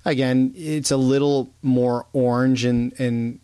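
A man in relaxed podcast chat about photography, speaking haltingly and repeating words as he gathers his thoughts. His voice sits in a middle pitch and sounds dry, with no room echo. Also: smooth. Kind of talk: casual chat.

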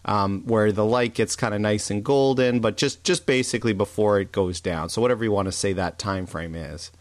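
A man's voice: fairly low pitch, brisk, no echo. A man co-hosting a casual chat, explaining things loosely and easily, with plenty of fillers. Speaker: podcast co-host.

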